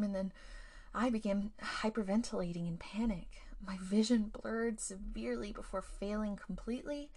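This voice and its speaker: A woman hosting a storytelling podcast, narrating a scripted ghost tale in a hushed, often near-whispered delivery. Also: medium pitch, fairly even intonation, moderate pace.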